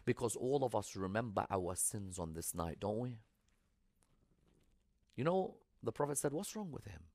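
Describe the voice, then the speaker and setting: A man preaching a religious sermon, swinging between loud emphatic appeals and hushed storytelling. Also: on the low side, lively intonation, measured pace, dry recording.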